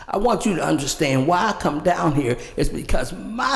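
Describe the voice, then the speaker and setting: A woman's voice: low voice, animated, moderate pace, gravelly, few pauses, big-room sound. An older woman giving an emotional public comment at a city council meeting, telling a personal story. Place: council chamber.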